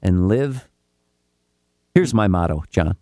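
A man's voice: low-pitched, lively intonation, takes it slowly, darkish tone, no room sound, studio quality. A man co-hosting a casual comedic chat, telling stories with swearing and mock voices. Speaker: podcast co-host.

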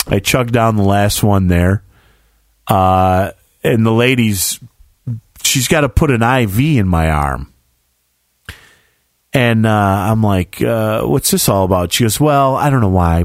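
A man telling a story in casual chat, animated and swearing freely, acting out what others said. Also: fairly low pitch, dry recording, studio quality. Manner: animated, acts out quoted voices, swears freely.

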